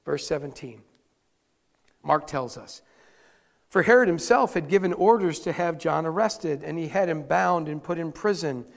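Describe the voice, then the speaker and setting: A man's voice: fairly high pitch, moderate pace, vocal fry. A male pastor delivering a conversational sermon, repeating key points for emphasis. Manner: conversational preaching with emphatic repetition. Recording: reverberant hall.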